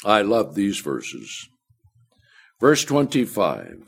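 A man preaching a sermon, reading scripture aloud and swelling louder and higher on the verses. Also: animated. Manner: slow, deliberate delivery that rises loud and high when reading verses.

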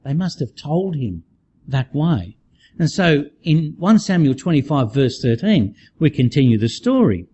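A man giving a sermon in a conversational, animated way, often restarting his sentences. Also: fairly high pitch, a little slow, slightly rough, muffled recording. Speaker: preacher.

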